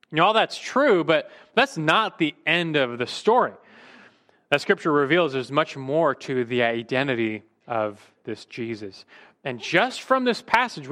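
A man's voice: mid-range voice, fairly bright tone. A male pastor preaching a sermon emphatically, his voice rising and dropping for emphasis, sometimes restarting a word mid-phrase.

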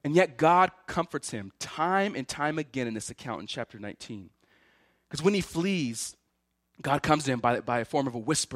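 A man's voice: a little high, fairly quick, dry recording, studio quality. A man preaching a sermon, voicing the words of biblical figures with feeling. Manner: animated preaching, voices Elijah's and God's words with feeling. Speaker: pastor.

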